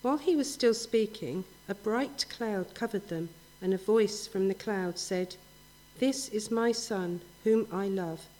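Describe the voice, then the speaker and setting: A woman's voice: medium pitch, a little slow, warm tone, poor audio. Woman reading scripture aloud. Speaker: scripture reader. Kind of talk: Bible reading.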